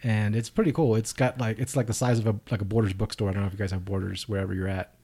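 A man's voice: fairly low pitch, steady tone, racing, dark tone, husky. A man co-hosting a podcast in casual chat, rambling and cracking crude jokes. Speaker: podcast co-host.

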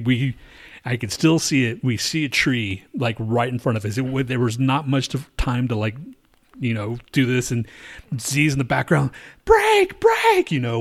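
A man telling a story in casual chat, rambling and swearing, with many restarts and fillers. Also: medium pitch.

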